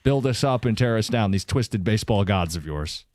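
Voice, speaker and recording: A man's voice: lowish voice, lively intonation, normal speed, a little mellow, dry recording. Male sports radio host, emphatic and punchy, dry studio mic. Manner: emphatic, voice jumping up to punch points. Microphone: studio microphone.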